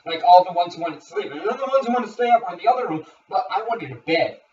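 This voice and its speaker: A man's voice: sits high, lively intonation, quick pace, a little mellow. A young man co-hosting a casual podcast, telling a story animatedly with swearing and acted-out quotes. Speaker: podcast co-host. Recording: roomy, distant, dull lo-fi mic.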